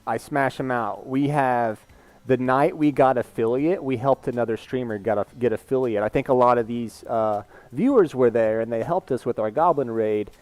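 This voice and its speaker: A man's voice: medium pitch, a little mellow, clean tone. A man chatting casually on a live stream, rambling candidly and reading viewer comments aloud.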